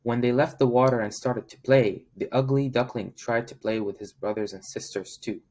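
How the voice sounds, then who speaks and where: A man reading a children's picture book aloud as a volunteer, in a friendly, steady manner. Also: mid-range voice, normal speed. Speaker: volunteer storybook reader.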